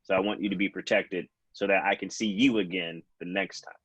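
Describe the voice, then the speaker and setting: A man's voice: low-pitched, steady tone, brisk, fairly bright tone, breathy edge, no echo, lo-fi sound. A young man hosting a casual podcast chat, talking earnestly and reflectively with frequent restarts. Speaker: podcast host.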